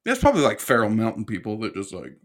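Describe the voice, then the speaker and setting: A man's voice: fairly low pitch, quick pace. A young man co-hosting a casual podcast chat, telling stories and acting out what people said. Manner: animated storyteller, acts out quotes. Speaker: podcast co-host.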